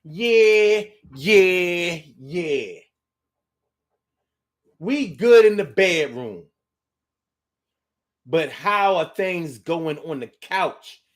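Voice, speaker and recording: A man talking slowly and loosely in a casual talk monologue, slightly higher than most men. He drawls and plays with his words, now and then slipping into a few lines of a song. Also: animated. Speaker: host reading listener comments.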